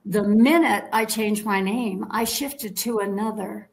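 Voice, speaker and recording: Animated woman telling a personal story. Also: medium pitch, measured pace, gravelly, rough recording. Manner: animated storyteller, acts out quoted dialogue, checks in with "okay?". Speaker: guest.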